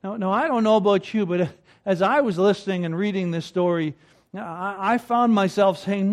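A man's voice: high voice, fast. A man giving a conversational sermon, often repeating words as he starts a phrase and chuckling between points. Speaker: preacher.

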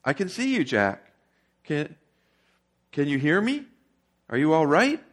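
A man voicing God as a calm, wry figure who speaks slowly and quietly to a man in trouble. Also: a little high. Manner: calm and unhurried.

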